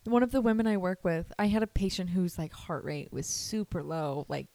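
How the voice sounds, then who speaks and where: A young woman co-hosting a podcast who tells work stories in an animated, casual way, laughing often and swearing. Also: fairly low pitch, moderate pace, creaky, no echo. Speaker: podcast co-host, hospital worker. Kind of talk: casual chat, storytelling.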